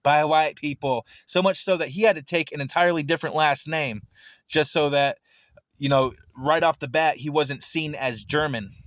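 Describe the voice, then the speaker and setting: Speaking at normal speed, this man's voice is on the high side and a bit bright, recorded studio-clean with no echo. He's a streamer reacting to a recorded argument, swearing heatedly, stammering, and repeating himself.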